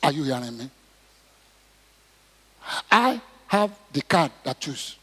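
A middle-aged man preaching a sermon, acting out prayers and Bible stories and rising to shouts. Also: on the high side, lively intonation, moderate pace, husky. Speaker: pastor. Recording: long hall reverb.

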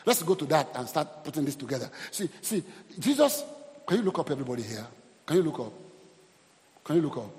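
A male pastor preaching an animated sermon and calling out for responses from the congregation. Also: a little high, quick pace, in a large hall.

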